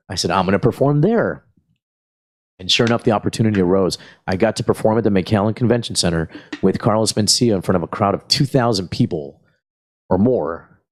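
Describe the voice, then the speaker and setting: A comedian from spins long stories, cursing freely and slipping into quick impressions of the people in them. His voice sits a little low, and he keeps an easy, rambling pace. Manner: profane, rambling, animated retelling. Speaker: guest comedian. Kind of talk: casual storytelling.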